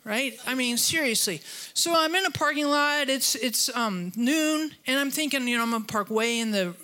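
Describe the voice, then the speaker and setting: A woman preaching a sermon in a chatty, storytelling way, mixing humor and asides with scripture. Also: normal speed. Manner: animated, voice jumps higher when retelling conflict. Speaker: pastor.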